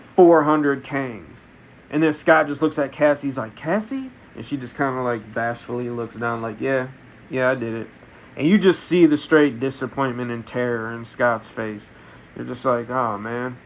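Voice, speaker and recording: A man reviewing a film in a comedic, deadpan way, retelling absurd story events. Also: medium pitch, normal speed. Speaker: movie reviewer. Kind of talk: comedic spoken movie review.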